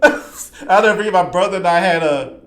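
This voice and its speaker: A man giving an excited, rambling horror movie review, often repeating himself. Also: high voice, a little fast. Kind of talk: casual spoken review. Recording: roomy echo.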